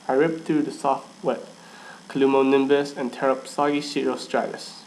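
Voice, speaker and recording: A man's voice: medium pitch, level tone, moderate pace, darkish tone, a little hiss or hum, rough recording. Man reading a story aloud, stumbling. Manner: stumbles and restarts, laughs at himself. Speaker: fan fiction reader. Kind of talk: amateur first-person story reading.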